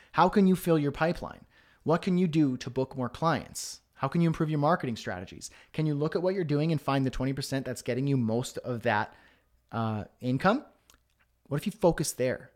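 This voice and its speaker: A man's voice: mid-range voice, a little mellow. A man hosting a live-streamed business workshop, coaching emphatically with many rhetorical questions. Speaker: host.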